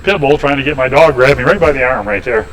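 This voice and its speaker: A man's voice: on the high side, lively intonation, fast talker, gravelly, fairly bright tone, slight background noise, low-quality recording. Folksy man telling shop stories. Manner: rambling, folksy, chuckles through anecdotes. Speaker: woodturning demonstrator. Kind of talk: casual storytelling during a lathe demo. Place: woodshop, indoors.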